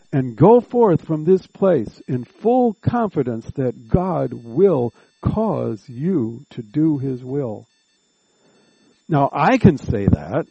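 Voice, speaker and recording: Slow, deliberate male preacher. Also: a little high, slightly rough, dry recording, highs cut off. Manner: slow, deliberate preaching with drawn-out words and earnest appeals. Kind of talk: sermon.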